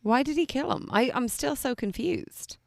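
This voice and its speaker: A woman co-hosting a casual chat podcast, blunt and quick with wry one-liners. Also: sits high, lively intonation, gravelly, a little mellow, no echo, studio quality. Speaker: podcast co-host.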